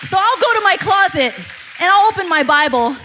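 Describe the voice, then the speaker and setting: High, bright-voiced woman preaching. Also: brisk, slight background noise. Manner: animated, conversational preaching with laughs. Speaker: pastor. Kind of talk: sermon.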